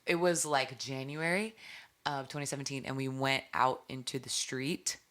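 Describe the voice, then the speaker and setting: Bright-voiced young woman telling stories. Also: rumbling low, moderate pace, slight background noise. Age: young adult. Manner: animated storytelling, acts out quotes. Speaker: guest musician. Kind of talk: podcast interview.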